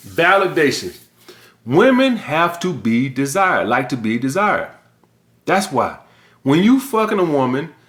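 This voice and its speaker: A man's voice: sits high, fairly bright tone, roomy sound. A middle-aged man hosting a vlog, lecturing his viewers bluntly with heavy swearing and emphatic delivery. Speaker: vlog host. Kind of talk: blunt casual monologue.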